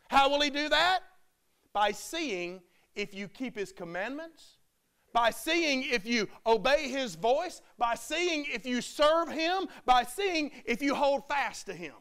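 High-pitched man preaching with rising fervor. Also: clean tone. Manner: emphatic, building to shouted peaks. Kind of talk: sermon.

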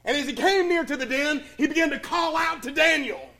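Telling a Bible story from the pulpit, a man with a very high voice builds tension through dramatic pauses. His sermon alternates between an urgent, raised voice and near hushes.

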